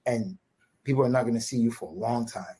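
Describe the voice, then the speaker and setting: Husky Brooklyn man telling a story animatedly. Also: medium pitch, brisk. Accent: New York. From Brooklyn, USA. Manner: animated, repetitive restarts, quotes dialogue with "right?" tags. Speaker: podcast guest. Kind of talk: casual storytelling.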